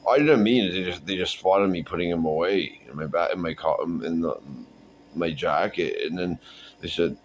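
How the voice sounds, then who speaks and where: A man's voice: low-pitched, slight background noise, low-quality recording. A man voicing a confused, sullen male petty thief who mumbles and stumbles over his words. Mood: mumbling. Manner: mumbling, halting, flustered.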